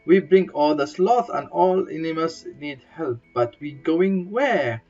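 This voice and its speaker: Slow, playful woman reading a bedtime story. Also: expressive, a little mellow. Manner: slow, simple broken English, playful sound effects and high squeals for characters. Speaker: storybook reader. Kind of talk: bedtime story read-aloud. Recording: dull lo-fi sound with faint guitar music.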